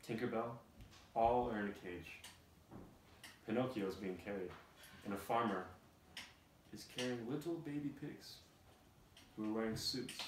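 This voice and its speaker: Deadpan man reading a storybook, low voice. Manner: deadpan, mock-emotional asides. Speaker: host. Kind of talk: mock-solemn storybook reading. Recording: roomy, distant, noisy room.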